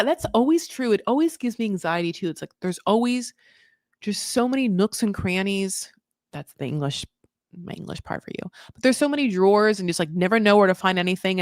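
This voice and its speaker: A young woman recapping a reality show in casual, animated commentary, swearing freely and acting out what the people said. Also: mid-range voice, no echo, studio quality. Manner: chatty, animated, swears, acts out quoted voices.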